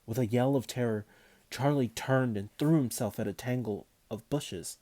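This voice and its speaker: Man calmly reading a storybook. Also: mid-range voice, normal speed. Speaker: audiobook reader.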